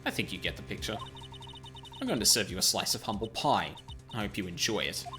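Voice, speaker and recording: Man reading as a smug taunting young woman, sing-song, lively pitch, music behind. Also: a little fast.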